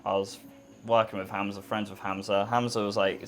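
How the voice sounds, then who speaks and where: A young man hosting a podcast in casual chat, relaxed, laughing along and reacting briefly. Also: fairly low pitch, brisk, slight background noise. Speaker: podcast host.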